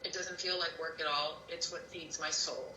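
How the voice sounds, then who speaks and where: A woman's voice: low-pitched, fairly even intonation, normal speed, bright, forceful tone, recorded from a distance, slight background noise. A woman co-hosting a live stream, chattily reading viewer comments aloud. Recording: roomy sound from off-mic.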